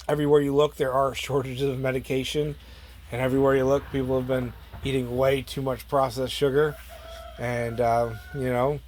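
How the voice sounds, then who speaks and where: A man hosting a casual gardening vlog, rambling in a relaxed way with lots of fillers and trailing asides. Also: on the high side. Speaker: plant grower and channel host.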